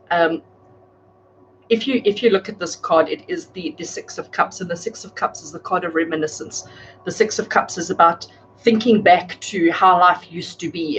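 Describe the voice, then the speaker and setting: A woman with a fairly low voice gives tarot readings live, speaking warmly to viewers by name. The sound is dull and lo-fi, with faint noise underneath. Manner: warm, chatty, addresses viewers by name. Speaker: tarot reader. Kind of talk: live-streamed psychic reading. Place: home, speaking live to a camera.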